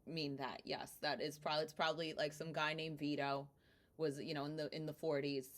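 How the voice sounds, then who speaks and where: Animated New woman guest. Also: deep voice. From Brooklyn, New York. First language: Italian. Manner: animated storyteller, quick asides. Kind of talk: casual chat.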